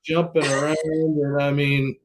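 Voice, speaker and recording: A man's voice: fairly high pitch, little pitch movement, unhurried, a little hiss or hum, low-quality recording. A man hosting a podcast, joking and eager as he chats. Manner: enthusiastic, joking. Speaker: podcast host. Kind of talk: casual podcast chat.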